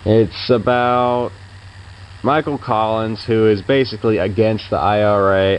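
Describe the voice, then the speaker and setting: A deep-voiced man talks through his movie opinions in a loose, rambling way, stopping often for fillers. His verdicts are offhand and laid-back. A faint hiss of noise sits under the recording. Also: dull audio. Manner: rambling, hesitant, lots of fillers. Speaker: film reviewer. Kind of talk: casual spoken reviews.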